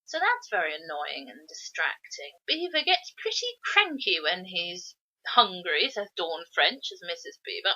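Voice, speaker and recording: A woman's voice: medium pitch, sing-song, normal speed, bright, forceful tone. A woman co-hosting a podcast, chatting casually and critically about film adaptations. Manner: opinionated, critical. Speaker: podcast co-host. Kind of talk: casual film review chat. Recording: dull lo-fi podcast audio.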